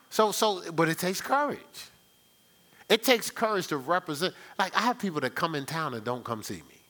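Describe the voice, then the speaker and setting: A man's voice: a little high, sharp tone. A male pastor preaching a live church sermon in a conversational way, often checking in with the congregation. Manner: conversational, rhetorical, checks in with "right?".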